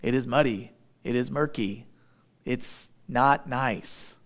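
A pastor preaching a sermon, reading scripture verses and explaining them in plain, folksy asides with light humor. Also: male voice, mid-range voice, takes it slowly.

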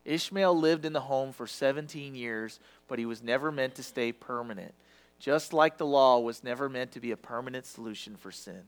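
A man preaching a sermon with passion, swinging from loud to hushed and sometimes stumbling over his words. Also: medium pitch, moderate pace.

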